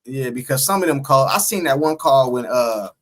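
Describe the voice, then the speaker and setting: On a laid-back post-game sports stream, a man co-hosts at a moderate pace with an expressive, mid-range voice. He reads chat messages, makes emphatic points he keeps repeating, and pokes fun at viewers.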